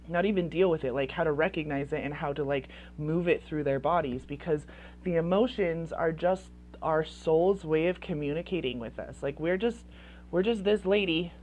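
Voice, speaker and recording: A woman's voice: sits low, darkish tone, a little hiss or hum. A woman coaching parents in casual advice talk, chatty and full of "like" fillers. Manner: chatty, heavy use of "like" fillers.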